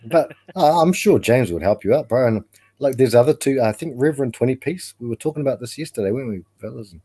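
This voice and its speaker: A man in a casual group chat, playful and laughing, with a husky voice. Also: mid-range voice, lively intonation, fast talker, mellow.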